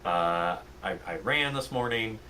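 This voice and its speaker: A man co-hosting a casual political podcast lays out facts in a measured way, with a few restarts. His voice sits somewhat low. A faint background noise runs under the recording. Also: expressive, sharp tone, rough recording. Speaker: podcast co-host.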